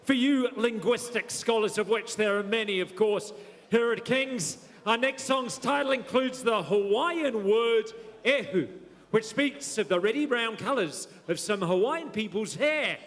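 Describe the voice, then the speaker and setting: A man with a notably high voice hosts a school concert, cracking teasing jokes between acts. He calls out loudly to the room. The sound rings with the long echo of a large hall. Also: animated, a little slow. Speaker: master of ceremonies. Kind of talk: jokey stage announcing. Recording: echoey hall over a PA.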